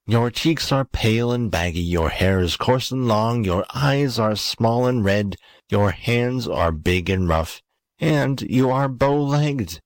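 A man's voice: mid-range voice, animated, slow, no echo, voice pushed up. A man voicing a vain, haughty young lady in a storybook reading, speaking in a cold, dismissive way. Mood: disdainful.

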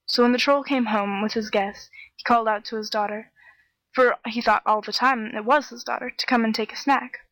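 Dry, slightly high woman storyteller. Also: no echo, low-quality recording. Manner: steady, measured storytelling. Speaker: audiobook narrator. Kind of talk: fairy tale reading.

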